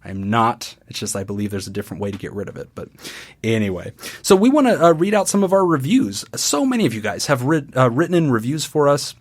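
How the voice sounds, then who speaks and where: A man's voice: medium pitch, fast. A middle-aged man who hosts a counseling podcast, chatting casually, joking and reading out listener reviews. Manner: animated, jokey, reads listener reviews.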